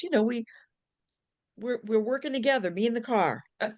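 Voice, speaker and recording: A woman nurse chatting on a video call with friends, animated, acting out inner voices, with many restarts and casual swearing. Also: on the high side, moderate pace. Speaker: nurse, book club member.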